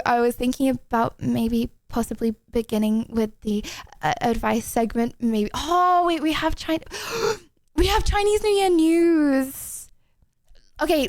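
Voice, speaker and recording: A woman's voice: high-pitched, dry recording. A young woman streamer chatting casually to her audience, giggly, rambling and self-deprecating. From England.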